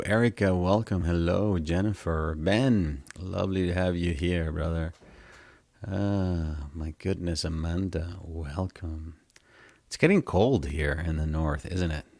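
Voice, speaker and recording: A man hosting a live spiritual webcast, talking in a gentle, unhurried way and greeting viewers by name. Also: deep voice, dry recording. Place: indoor room at home with a heater.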